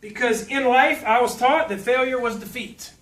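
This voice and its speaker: A man's voice: extremely high pitch, moderate pace, fairly bright tone. A man from South Louisiana, giving a folksy, humorous motivational speech and telling stories. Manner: folksy, humorous, puts on voices when quoting. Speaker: motivational speaker. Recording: echoey hall from far off.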